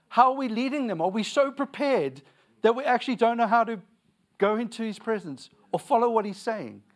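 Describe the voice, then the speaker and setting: Emphatic young man preaching, higher voice. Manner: repeats lines for emphasis, tells stories with laughter. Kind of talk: sermon.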